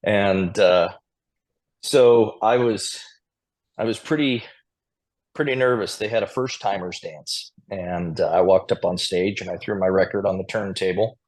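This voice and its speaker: Low-voiced man telling stories. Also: unhurried, a little mellow. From Montana, USA. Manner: chatty anecdotal storyteller, chuckling now and then. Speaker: square dance caller, podcast guest. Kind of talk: casual storytelling interview.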